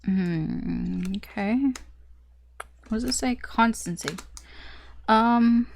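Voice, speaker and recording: A woman's voice: fairly high pitch, drawn-out words, vocal fry, a little hiss or hum. A woman tarot reader talking through a casual, rambling reading, often laughing at herself.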